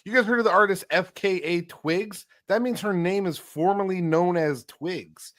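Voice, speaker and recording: A man's voice: high voice, normal speed, fairly bright tone. A man co-hosting a podcast, swearing freely and laughing often in casual chat. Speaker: podcast co-host.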